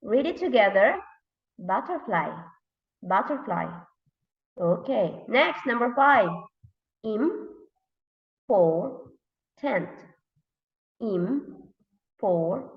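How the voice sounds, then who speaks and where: Thai-accented woman teacher drilling pupils, unhurried; lo-fi, echoey classroom recording. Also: a little high, sing-song. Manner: repeats words slowly to drill them. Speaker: English teacher. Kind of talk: classroom lesson for young learners. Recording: dull, roomy, recorded from a distance.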